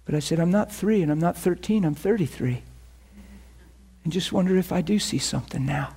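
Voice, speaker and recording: A male pastor with a fairly high, slightly rough voice and vocal fry speaks briskly in a sermon. He animatedly tells a personal story, laughing often and voicing the people he quotes.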